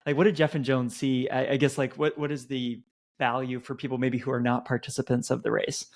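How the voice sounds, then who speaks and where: A man's voice: medium pitch, little pitch movement, brisk, darkish tone. A man hosting a podcast interview, asking curious questions and repeating them to encourage the guest. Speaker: podcast host.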